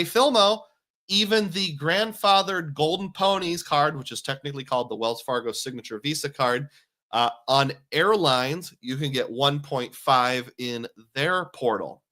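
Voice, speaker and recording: A man with a medium-pitched, pushed, bright voice hosts a casual livestream. He's chatty, jokey and self-deprecating, and reads out viewer comments.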